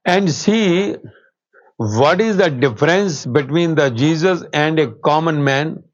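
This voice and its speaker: Man, spiritual teacher, unhurried earnest discourse, slightly high voice. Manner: slow, earnest storytelling, quotes with rising emphasis. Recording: dull, slightly lo-fi sound.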